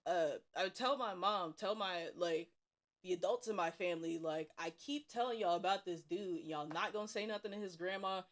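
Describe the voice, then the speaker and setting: A young woman from Cincinnati, streaming while she draws, tells school stories in a casual, profane, animated way with bursts of laughter. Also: lowish voice, moderate pace. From Cincinnati, USA. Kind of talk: casual storytelling while drawing.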